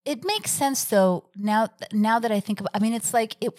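A woman's voice: fairly high pitch, moderate pace, darkish tone. A woman chatting casually as a podcast co-host, often echoing and agreeing with her partner. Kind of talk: casual chat reviewing a film.

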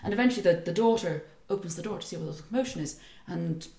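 A woman's voice: on the low side, fast talker, gravelly, dark tone, roomy sound. A woman retelling a folk tale in casual chat, acting out voices and laughing often. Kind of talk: casual storytelling.

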